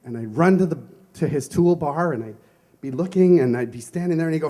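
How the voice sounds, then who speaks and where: A man's voice: on the high side, expressive, brisk, dark tone. A man giving a conversational sermon as a minister, telling personal stories and asking rhetorical questions. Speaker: minister giving a Sunday talk.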